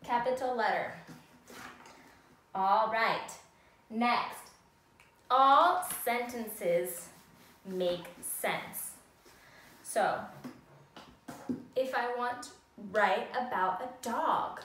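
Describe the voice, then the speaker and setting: This woman's voice sits at a medium pitch and is a bit bright; she draws out her words and leaves long pauses. She is patiently teaching young children to write sentences in a sing-song manner during a recorded class. Her voice carries from a distance across an echoing room.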